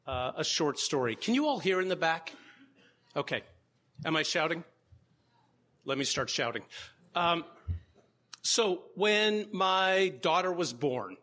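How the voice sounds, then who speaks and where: A man's voice: fairly high pitch, bright, forceful tone. A man, a law professor, giving opening remarks to a live audience in a lecture room, with wry humorous asides. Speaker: law professor and conference co-organizer.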